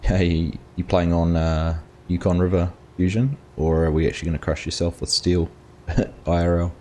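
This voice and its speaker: A man's voice: deep voice, fairly even intonation, normal speed, dark tone, a little hiss or hum. An Australian man hosting a live game stream, casually chatting and greeting viewers in chat by name as he plays. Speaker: gaming streamer host.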